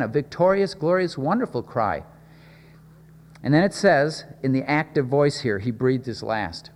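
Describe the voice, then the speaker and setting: A man delivers a sermon in an earnest, halting way, often doubling words and stopping on fillers. His voice sits at an ordinary middle pitch. A long reverb trails after him, as in a large hall. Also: slight background noise. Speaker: pastor.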